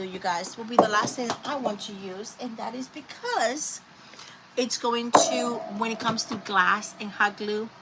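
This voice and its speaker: A woman hosting a live crafting stream, chatting and rambling to her viewers as she works. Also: on the high side. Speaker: craft livestream host. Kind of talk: casual live crafting chat. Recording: steady background noise.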